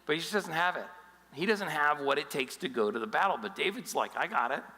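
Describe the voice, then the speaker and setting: A male pastor preaching a sermon in a lively, joking storytelling style. His voice is bright and fairly high for a man. It carries a long reverb from a large hall. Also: fairly quick.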